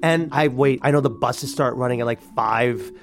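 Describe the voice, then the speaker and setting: A man in his thirties telling a personal story, animated and acting out the people he quotes. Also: medium pitch, normal speed, music in the background. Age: 30s. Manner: animated, acts out quoted voices. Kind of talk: personal story told to a radio audience.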